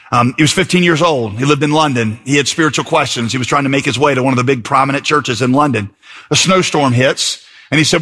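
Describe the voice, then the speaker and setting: A man's voice: mid-range voice, quick pace, bright, forceful tone, husky. A man preaching a sermon as pastor, conversational and reading passages aloud with fillers.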